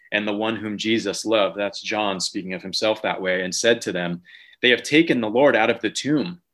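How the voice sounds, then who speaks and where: Pastor giving a relaxed video-call sermon. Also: male voice, lowish voice. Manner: conversational storytelling, then Scripture reading.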